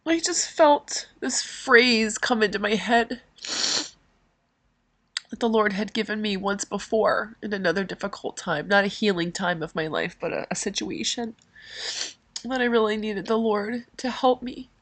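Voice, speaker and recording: A middle-aged woman hosting a podcast tells a personal story in an emotional, rambling way, using many fillers. Her voice is mid-range and her pace measured.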